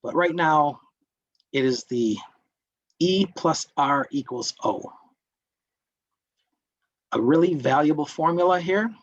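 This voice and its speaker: Lively man teaching a workshop, muffled recording. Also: fairly high pitch, unhurried, long pauses, breathy edge, no echo. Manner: animated, questions the group. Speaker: workshop instructor. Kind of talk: interactive classroom lecture.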